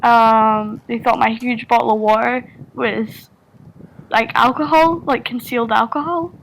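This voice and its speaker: A woman with a strong Scottish accent talks through a voice-call mic, her voice sitting a little higher than most. She rambles in loose, casual chat, piling up fillers and restarts and swearing freely, with faint hiss behind her. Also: steady tone, unhurried, vocal fry, low-quality recording. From Scotland. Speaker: Discord server member.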